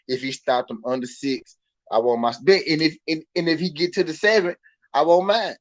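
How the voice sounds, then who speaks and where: A man with a Southern US accent hosting a casual live boxing chat, animated and repetitive, swinging from muttering to loud outbursts. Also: on the high side, brisk. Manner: animated, swings from muttered to shouted, laughs often, repeats himself. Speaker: boxing show host.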